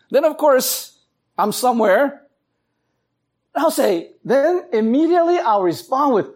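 Animated, husky male preacher. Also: extremely high pitch, normal speed. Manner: animated storytelling, acts out voices. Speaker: pastor. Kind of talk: sermon.

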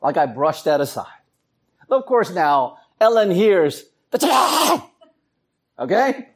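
A man's voice: on the high side, measured pace. A man preaching a sermon, telling stories and acting out voices as he goes. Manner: animated storytelling, acts out voices. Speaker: pastor.

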